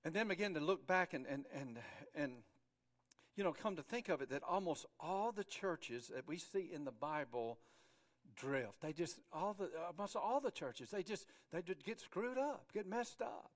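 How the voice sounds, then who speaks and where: A middle-aged male pastor with a fairly high voice delivers a lively sermon. He throws himself into quoted voices, stumbling over restarts and repeating words as he goes. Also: moderate pace. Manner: animated, acts out quoted voices with many restarts.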